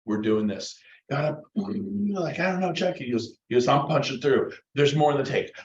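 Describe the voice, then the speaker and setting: A middle-aged man giving a lively motivational talk to real estate agents, acting out quotes in different voices. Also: fairly high pitch, normal speed, slight background noise. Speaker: motivational speaker. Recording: roomy, dull lo-fi room recording.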